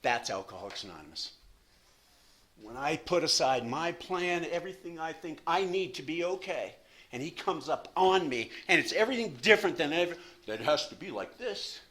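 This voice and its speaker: A man in his sixties speaking at a recovery meeting from a podium, telling his story in an animated, self-deprecating way with lots of repetition. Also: on the high side, normal speed. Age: 60s. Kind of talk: personal recovery story talk.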